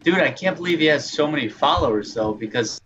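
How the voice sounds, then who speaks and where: A man's voice: a little high, animated, quick pace, fairly bright tone, muffled recording, a little hiss or hum. A man co-hosting a sports podcast in casual chat, laid-back, with short reactions. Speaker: podcast co-host.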